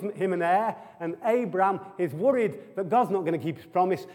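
In a church hall full of people, a man preaches in a fairly high, slightly mellow voice, long hall reverb trailing his words. He's conversational, tossing in humorous asides and constantly posing rhetorical questions to the audience.

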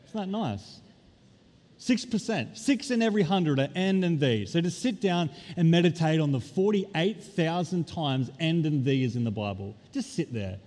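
A man's voice: fairly high pitch, animated, a little mellow. Emphatic male pastor in echoing hall. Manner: emphatic, stretching key words slowly. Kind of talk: sermon. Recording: long reverb of a large hall.

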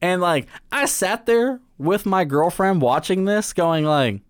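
Man for a casual podcast, lively intonation, dry close sound, animated and laughing. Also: high-pitched, slow pace, clean tone, dry recording. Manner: animated, laughing, acts out scenes. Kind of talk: casual film discussion.

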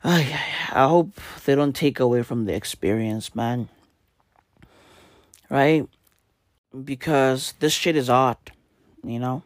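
A man hosting a podcast, with a hoarse, worn-out voice and low energy, talking in a casual, profane comedic rant. He keeps tagging his lines with slang and "right?". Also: slow, pauses often, no room sound, clean studio sound. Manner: profane, repetitive, tags lines with "bruv" and "right?". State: hoarse, voice nearly gone. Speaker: podcast host.

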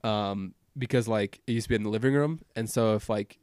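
A man's voice: fairly low pitch, a little fast, a little mellow, smooth, no echo, clean studio sound. A young man from Minnesota chatting casually as a podcast host at home, rambling with lots of fillers and restarts. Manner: rambling, filler-heavy, self-interrupting. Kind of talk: casual chat. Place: home gaming room.

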